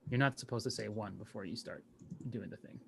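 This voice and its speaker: A man's voice: lowish voice, a little fast, vocal fry, breathy edge. A man co-hosting a podcast in casual chat, joking and rambling, often stopping to correct himself. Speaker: podcast co-host.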